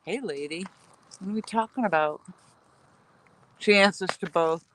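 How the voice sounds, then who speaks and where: A woman's voice: medium pitch, a little slow, a bit bright, poor audio. A woman hosting her channel, telling long, wandering stories with laughs while sitting outdoors by a campfire at night, on a headset mic. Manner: rambling, laughing storyteller. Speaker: channel host. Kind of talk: casual campfire chat.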